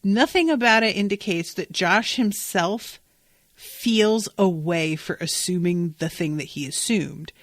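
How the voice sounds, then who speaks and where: A woman's voice: on the low side, animated, a little slow, dry recording, clean studio sound. A woman hosting a podcast, recapping an episode in casual, enthusiastic, emphatic chat with some swearing. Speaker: podcast host.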